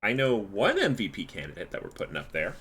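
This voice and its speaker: A man's voice: on the low side, huge pitch swings, quick pace, fairly bright tone, husky. A man casting a live esports match, calling the plays and then chatting casually and wearily with his co-caster. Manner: tired, casual, yawning. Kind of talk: live esports play-by-play and chat.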